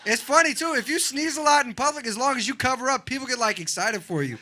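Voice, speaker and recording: Young guy doing standup, real bright high voice, goes big on the bits. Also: fast, a little hiss or hum. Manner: animated, acts out other people in loud voices. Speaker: stand-up comedian. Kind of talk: stand-up comedy set. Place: comedy club with a live audience.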